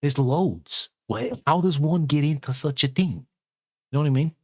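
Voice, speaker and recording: A man's voice: a little high, normal speed, dark tone, dry recording, clean studio sound. Rambling, sweary Englishman. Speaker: new channel host. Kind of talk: rambling casual chat. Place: at home.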